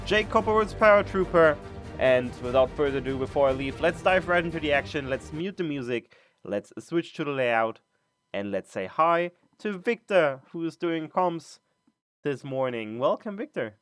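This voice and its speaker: A man's voice: fairly high pitch, lively intonation, normal speed, fairly bright tone, dry recording, faint music behind. Upbeat male stream host. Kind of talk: casual stream intro.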